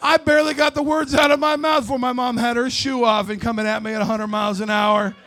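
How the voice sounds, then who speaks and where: A man in his forties doing a stand-up comedy set, brash and loud with crude storytelling. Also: very high-pitched, little pitch movement, quick pace. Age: 40s.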